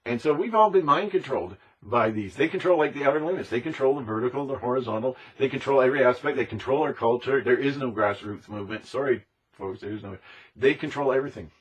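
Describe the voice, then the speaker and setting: A man with a husky, breathy voice delivers an impassioned monologue. He talks emphatically and repeats himself, sometimes slipping into mocking impressions of other people. His pitch sits in an ordinary middle range. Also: quick pace, muffled recording. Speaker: speaker on conspiracy topics.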